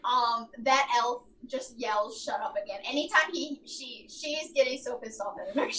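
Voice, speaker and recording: Slow halting woman game master. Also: on the high side, a bit bright. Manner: halting, many ums. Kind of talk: narrating a tabletop game. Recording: distant mic with faint noise.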